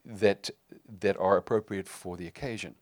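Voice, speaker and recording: Middle-aged male pastor, sermon delivery, conversational and halting, low voice, dry recording. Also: steady tone, no echo. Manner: conversational, with frequent fillers and restarts.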